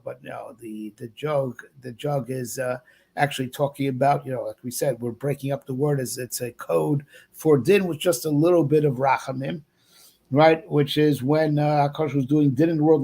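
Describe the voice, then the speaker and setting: Male rabbi, casual lesson delivery, rambling with fillers; slightly raised pitch, gravelly texture. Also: a little mellow. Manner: rambling, many fillers and 'right?' checks. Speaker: rabbi teaching.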